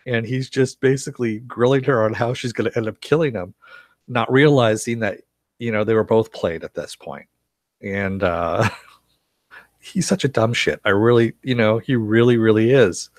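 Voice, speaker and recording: A man's voice: fairly low pitch, no room sound. Rambling man on a dry close mic. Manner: rambling, laughs often, many fillers and restarts. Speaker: live stream host reviewing a TV series. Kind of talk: casual live-stream recap, reading chat comments.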